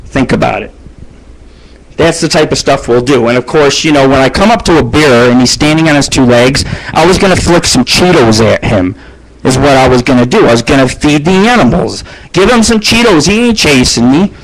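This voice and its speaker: A man's voice: expressive, a little fast, rough recording. A middle-aged man hosting a radio show, ranting crudely and boastfully in a rambling monologue. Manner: profane, boastful, rambling, shifts pitch for jokes. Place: abandoned house.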